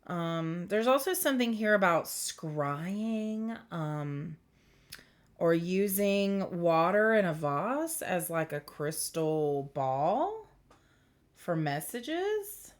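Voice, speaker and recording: A woman talks through a spiritual reading straight to a close camera, wandering from thought to thought and breaking into giggles. Her pitch rises and dips expressively while her pace stays slow and unhurried. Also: very animated. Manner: rambling, giggly, self-interrupting. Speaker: spiritual reader. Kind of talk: casual intuitive reading to camera. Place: indoors under bright light. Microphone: camera close to the face.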